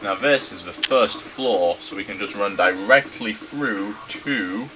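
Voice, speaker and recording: A British man narrating a video game playthrough, reading the characters' lines aloud and cracking crude jokes between them. His voice sits on the low side. The recording is dull and lo-fi, with game music playing clearly underneath. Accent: British English. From Britain. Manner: sweary, joking, does quick silly voices for characters. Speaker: let's play gamer. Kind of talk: let's play commentary, reading game dialogue aloud.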